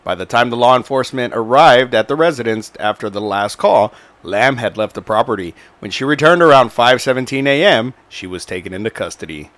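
A man's voice: medium pitch, animated, fairly quick, fairly bright tone, no room sound. A man co-hosting a casual podcast, reading news stories and joking around, cursing freely. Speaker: podcast co-host.

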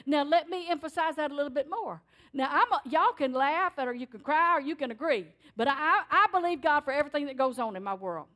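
High-voiced woman preaching. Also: fast. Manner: animated storyteller, emphatic. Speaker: church speaker. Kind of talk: sermon testimony. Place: church.

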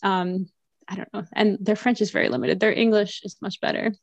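Chatty woman with a creaky voice. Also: medium pitch, brisk, no room sound. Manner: chatty, animated, many fillers and laughs. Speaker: podcast guest, French teacher and mother. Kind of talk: casual conversational interview.

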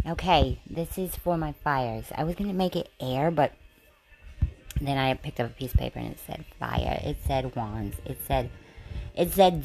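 A woman's voice: a bass voice, lively intonation, measured pace, a little mellow, soft background music. A woman giving a casual tarot reading, swearing and laughing as she rambles with many fillers. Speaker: tarot reader.

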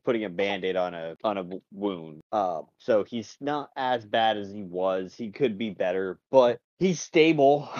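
A man's voice: on the low side, darkish tone, no room sound, highs cut off. A man narrating as game master in a laid-back way, chuckling as he describes scenes.

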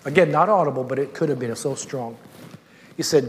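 A man's voice: medium pitch, a little fast, big-room sound, a little hiss or hum. A man preaching a sermon, telling a personal story with many repeated words and restarts.

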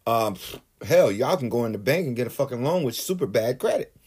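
Man ranting hard, husky voice, cursing a lot, heated and loud in bursts, average pitch. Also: lively intonation, fairly quick. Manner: heated, swearing, builds to outbursts. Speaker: political commentator. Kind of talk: angry profane rant.

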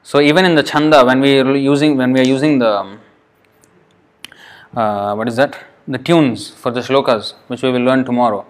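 Patiently covering sandhi rules in his Sanskrit class, a man spells out words and slowly repeats them. His voice is mid-range with fairly even intonation.

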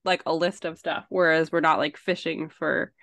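A woman's voice: low voice, steady tone, moderate pace, creaky, fairly bright tone, no room sound. A woman co-hosting a podcast as a social worker and mom, chatting casually and rambling with self-deprecating asides. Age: young to middle-aged mom. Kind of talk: casual chat.

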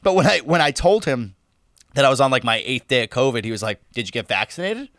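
Animated, swearing man telling a story. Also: mid-range voice, fast talker, no room sound, studio quality. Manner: animated, swearing, laughs often, acts out quotes. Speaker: podcast co-host telling a story. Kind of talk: casual storytelling chat.

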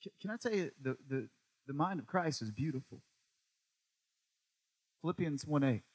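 A man preaching a sermon. He swings between loud, emphatic lines and quiet, low stretches, repeating phrases for emphasis and asking the listener questions. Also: expressive, moderate pace, slightly rough, no echo.

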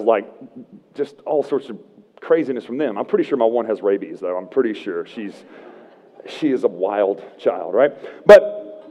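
Male pastor, thirties, lively and a bit high, jokey conversational sermon, dull livestream with long hall reverb. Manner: conversational and humorous, often asking "right?". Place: church sanctuary.

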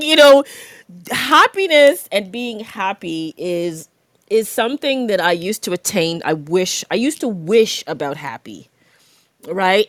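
A woman hosting a podcast in a candid, reflective chat, often stopping to restart her thoughts. Her voice sits at an ordinary middle pitch. The sound is dry and close, with no room around it. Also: fairly bright tone, no room sound. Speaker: podcast host.

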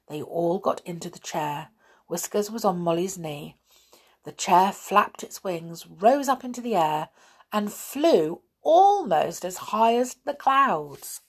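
A woman reading a children's story aloud in a gentle, expressive way. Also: on the low side, slow, husky. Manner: gentle, expressive, with soft laughs.

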